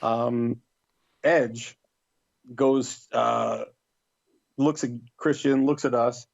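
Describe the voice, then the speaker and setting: This podcast guest is a middle-aged man with a creaky, mid-range voice who speaks extremely slowly. He tells a story casually and with animation, voicing other people's quoted lines more vividly. The audio is dry, with the highs cut off.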